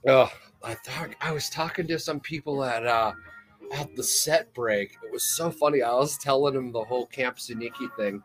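A man's voice: medium pitch, normal speed, faint music behind. A man hosting a podcast, telling a rambling, profane story in casual chat and laughing often. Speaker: podcast host.

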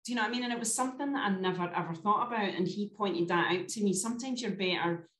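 A woman's voice: mid-range voice, very fast, a bit bright. Chatty woman telling a story. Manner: chatty storyteller, often adds "do you know what I mean". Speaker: guest. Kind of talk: casual chat. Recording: roomy echo.

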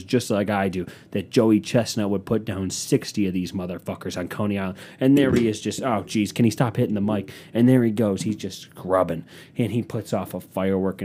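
A young man rambling through a sarcastic comedic monologue at home, swinging between loud bursts and low mutters. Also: slightly rough.

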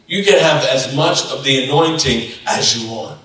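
A male pastor preaching a lively sermon and acting out the voices of the disciples, recorded in a church sanctuary. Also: mid-range voice, normal speed, far from the mic. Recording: echoey church hall, off-mic.

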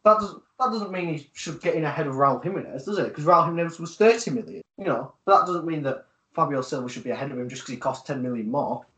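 A man, co-hosting a casual football podcast, talking in a measured way with many fillers and pauses. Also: a little high, animated, sharp tone. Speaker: podcast co-host.

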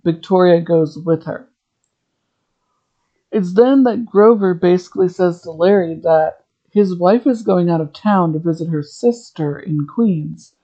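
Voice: medium pitch, unhurried, dark tone, muffled recording. A podcast host recapping a TV episode in a chatty, rambling way, drifting into tangents.

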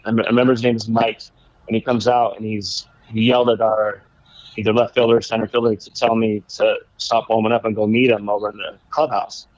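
A man, a former baseball pitcher, casually telling a rambling story in conversation, laughing now and then. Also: flat delivery, a little fast, darkish tone, no echo, highs cut off. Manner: laid-back, rambling, laughs while telling stories.

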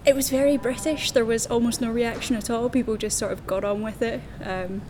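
A Scottish woman in her twenties, answering interview questions in a relaxed, matter-of-fact way. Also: brisk. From Scotland. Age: 20s. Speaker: interview guest. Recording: noisy background rumble.

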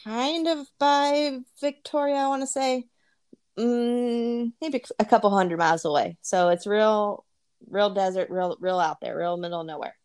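A woman's voice: mid-range voice, a little slow, darkish tone, clear, resonant tone. A woman co-hosting a podcast in casual chat, laughing often and repeating words as she talks. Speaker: podcast co-host.

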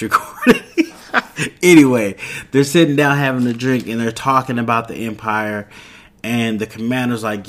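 A man giving a loose, casual recap of a TV episode, rambling and quoting the characters in quick offhand voices. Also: mid-range voice. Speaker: show recapper.

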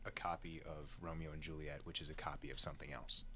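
A man's voice: very deep voice, little pitch movement, quick pace. A man talking through his reasoning as a contestant in a casual game with friends. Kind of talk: casual banter among friends. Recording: noisy background.

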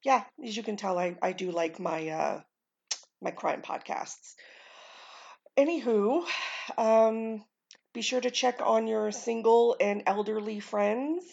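An American woman chats loosely on her solo podcast, drifting from thought to thought, swearing offhandedly and filling pauses with ums. Her voice has a gravelly fry to it. The recording sounds dull and lo-fi. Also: mid-range voice, darkish tone. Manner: rambling, casual swearing, frequent ums. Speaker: podcast host. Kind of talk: casual solo podcast chat.

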